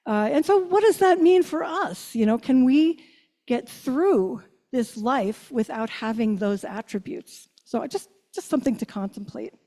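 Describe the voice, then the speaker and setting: An older woman minister giving a reflective sermon, asking her listeners questions and slowing down on key phrases. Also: a little high, lively intonation, dark tone. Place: church sanctuary. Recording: long church reverb.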